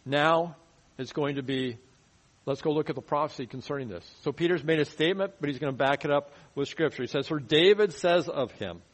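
Guy preaching a sermon, chatty bible teaching, goes low and quiet to make a point. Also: a little fast, low-quality recording. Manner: conversational teaching, drops his voice low for emphasis. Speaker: pastor. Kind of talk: expository sermon.

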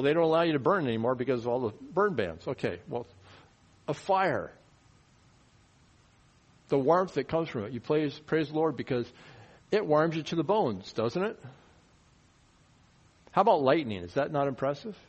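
A man delivers a sermon in a middle-pitched, conversational voice. He keeps putting rhetorical questions to his listeners. He drops into quiet asides, then rises into loud, emphatic bursts. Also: breathy edge, muffled recording. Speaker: preacher.

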